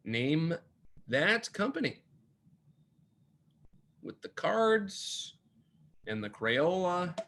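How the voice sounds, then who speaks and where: A man's voice: on the high side, sing-song, drawn-out words, long pauses, fairly bright tone. A man hosting an online pub trivia night. He reads and repeats each question and adds playful, jokey asides. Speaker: trivia host.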